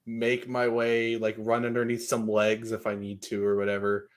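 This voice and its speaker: A man's voice: on the low side, completely flat delivery, normal speed. Guy player at a tabletop game, chill, asking rules stuff. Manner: casual, questioning, loose. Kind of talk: casual tabletop play.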